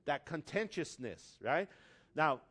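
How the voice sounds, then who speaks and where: Male pastor, somewhat high-pitched, casual storytelling sermon with punchy emphasis. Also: takes it slowly. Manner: storytelling with acted quotes, conversational; animated, rising to loud emphasis.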